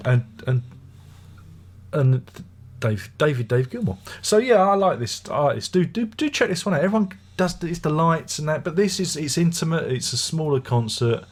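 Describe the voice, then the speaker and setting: A husky-voiced middle-aged man talks through a music review in a loose, rambling way. His chest sounds rough from being unwell, and he slips into wry, grumbling asides. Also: on the high side, very animated, a little slow, long pauses. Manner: chatty, wry, grumbling anecdotes. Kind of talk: casual rambling review monologue.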